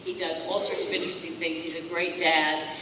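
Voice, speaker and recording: A woman, a guest actor at a convention panel, speaking earnestly and thoughtfully, with pauses. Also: fairly low pitch, little pitch movement. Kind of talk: casual panel answer. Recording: echoey hall from far off, noisy.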